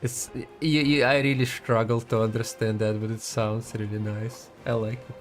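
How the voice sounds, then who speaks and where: A man's voice: mid-range voice, little pitch movement, moderate pace, soft background music. A man giving casual gaming commentary as a streamer, chatty and giggly, rambling as he talks.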